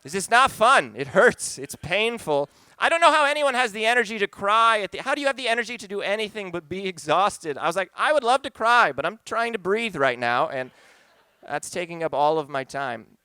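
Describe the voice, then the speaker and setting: A man's voice: high-pitched, sing-song, a little fast, pushed and bright, clear, resonant tone, no echo. A man telling a personal story live on a pub stage, conversational and wry, turning earnest.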